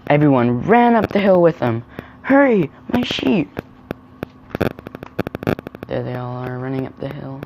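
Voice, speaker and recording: A man's voice: medium pitch, animated, fairly quick, few pauses, highs cut off, background noise. Friendly man reading a kids' storybook. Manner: gentle, chatty asides about the pictures. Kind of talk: reading a children's picture book aloud.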